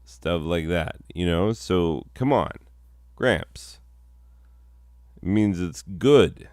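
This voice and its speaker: A man's voice: deep voice, expressive, drawn-out words, darkish tone, no room sound, clean studio sound. A man performing a solo comedy sketch, rambling and self-mocking, breaking into mock-outraged bursts.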